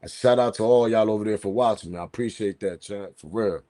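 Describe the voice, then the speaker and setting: A man hosting a casual livestream, reading the chat and talking in relaxed slangy street speech, his voice leaping high when he quotes himself. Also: fast talker. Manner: animated, laughing, slangy street talk, pitch jumps high when quoting himself.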